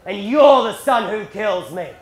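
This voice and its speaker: A comedian acting out his gruff, conservative father, blunt and swearing in anger. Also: high voice, lively intonation, measured pace, echoey room, a crowd in the background. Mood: bitter shouting. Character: gruff conservative Australian dad, older man.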